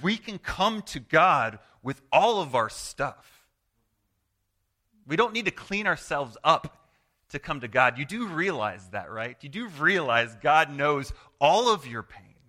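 A man preaching a sermon as pastor, earnest and conversational, swinging from loud to hushed and acting out quoted prayers. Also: on the high side, big pitch swings, takes it slowly. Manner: acts out quoted prayers and replies in voice.

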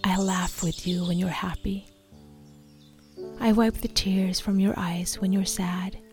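A woman voicing Jesus as a gentle, loving male figure who speaks to the listener in a soft, slow, partly whispered way during a guided meditation. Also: mid-range voice, fairly even intonation, faint music behind, natural voice. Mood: tender.

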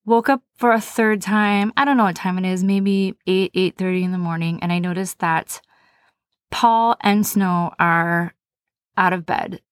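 A woman's voice: fairly low pitch, steady tone, measured pace, no echo. A woman hosting a podcast, telling a personal story in a candid, conversational, self-deprecating way. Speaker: podcast host.

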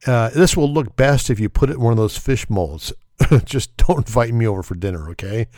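A man's voice: mid-range voice, expressive, brisk, a little mellow, dry recording, clean studio sound. A man hosting a casual comedy podcast, talking in a wry, sarcastic way and laughing often. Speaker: podcast host.

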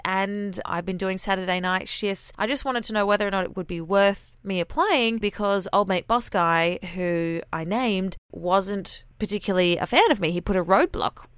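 Candid Australian woman with a smooth voice. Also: medium pitch, dry recording, studio quality. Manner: chatty, candid, storytelling with slang. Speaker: radio announcer. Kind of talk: casual personal monologue.

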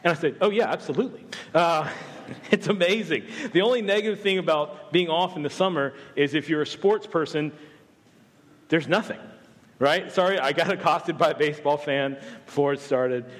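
A man's voice: a little high, moderate pace, big-room sound. A man from the American South, a campus pastor, giving a humorous, conversational sermon full of self-deprecating asides. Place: church sanctuary.

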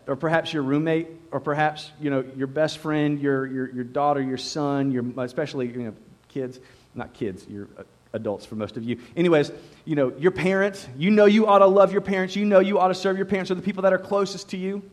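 A man preaching a sermon to a live congregation in a conversational way, repeating words and often saying "you know". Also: a little high. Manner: speaks to a live congregation, asks them questions. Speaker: pastor. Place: church service before a congregation.

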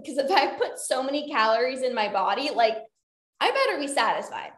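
A woman's voice: sits high, animated, normal speed. A woman coaching casually on a podcast, chatty and often checking in with "right?" and "like". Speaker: binge eating coach and podcast host. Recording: roomy echo.

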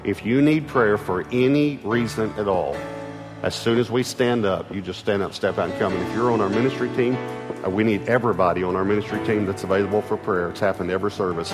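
Texan pastor preaching in a big hall. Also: male voice, on the low side, fast talker. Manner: earnest, repeats words, swings from loud calls to hushed lines. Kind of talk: sermon. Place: large church auditorium. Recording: large hall reverb with soft music.

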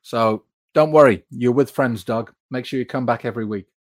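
Hosting a live stream, this British man speaks at normal speed in a mid-range voice, frank and conversational as he reads viewer comments aloud, with many filler words.

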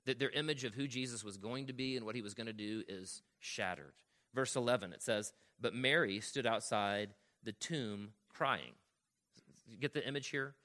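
A male pastor delivering a sermon with a bright, forward tone and a medium pitch. He teaches earnestly, reads scripture aloud, and keeps checking in with his listeners as he explains each point. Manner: reads scripture aloud, slowing on key lines.

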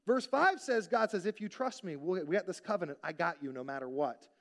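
High-pitched guy preaching, talks to the church like a conversation, acts out the quotes. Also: lively intonation, fairly quick, a bit bright. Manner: conversational preaching, rhetorical questions, acted-out quotes. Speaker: pastor. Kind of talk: sermon.

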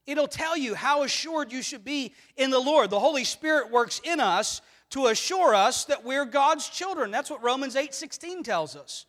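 A man's voice: extremely high pitch, animated, moderate pace, hardly any pauses, fairly bright tone. A man preaching a sermon with earnest rhetorical questions, his volume swelling and dropping. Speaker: pastor. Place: church sanctuary. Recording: long reverb of a church hall.

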